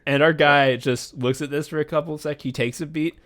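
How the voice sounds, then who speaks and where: A man's voice: on the high side, quick pace. A man co-hosting a podcast, casually retelling a movie with lots of laughter, swearing and filler words. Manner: animated, laughing storyteller, swears freely. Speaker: podcast co-host. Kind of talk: casual chat.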